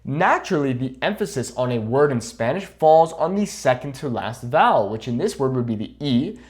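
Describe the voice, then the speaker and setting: A man's voice: mid-range voice, very animated. Encouraging young male Spanish teacher. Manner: encouraging, repeats "okay?" after each point, models words slowly. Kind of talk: online language lesson.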